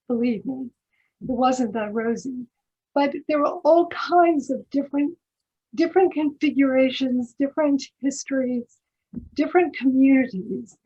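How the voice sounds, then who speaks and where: An older American woman from the United States speaks as a panel guest in a conversational discussion, thoughtful and emphatic, often restarting her sentences. Her high voice has a darkish, slightly rough tone, and the sound is lo-fi.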